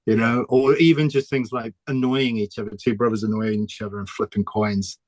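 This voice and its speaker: A man, a comic artist talking casually in an interview, chatty and quick to laugh. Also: fairly low pitch, little pitch movement, no echo. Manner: chatty, laughs often, restarts sentences.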